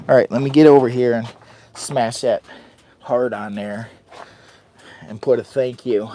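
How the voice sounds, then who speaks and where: A man's voice: medium pitch, fairly even intonation, unhurried, dark tone, slight background noise. A man hosting a casual livestream from a hot tent, hyper and self-mocking as he talks to his chat. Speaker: livestream host. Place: hot tent while camping in wind and rain.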